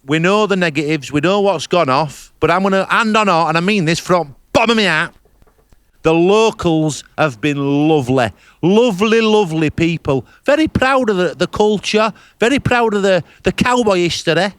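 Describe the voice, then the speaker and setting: A man's voice: high-pitched, moderate pace, a bit bright, clean tone, no echo. A man, telling comic travel stories in a broad, blunt, boastful way with swearing. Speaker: podcast host reporting from abroad. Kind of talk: comic character monologue. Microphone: remote call.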